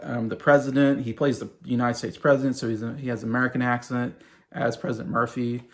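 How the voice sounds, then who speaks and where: Late-thirties male vlogger, mid pitch, gravelly and loose, rambling delivery. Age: late 30s. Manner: rambling, full of fillers and restarts. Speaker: movie review vlogger. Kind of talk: casual chat.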